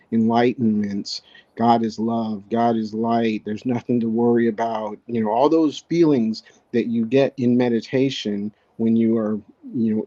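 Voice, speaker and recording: A man talks slowly and thoughtfully as a podcast guest, circling back and restarting his sentences as he works through an idea. His voice is mellow and dark, set at an ordinary pitch. The recording sounds dull and lo-fi. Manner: halting, reflective, frequent restarts. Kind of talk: casual conversation.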